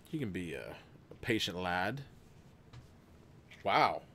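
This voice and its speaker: A man's voice: sits low, sing-song, slow pace, pushed and bright, a little hiss or hum. A man hosting a livestream, reading a gamebook aloud casually, rambling and laughing between passages. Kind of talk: livestream gamebook narration with chat votes.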